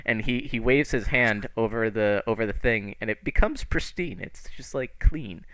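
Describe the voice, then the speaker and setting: A man narrating as game master of a tabletop game, profane and animated. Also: lowish voice, normal speed.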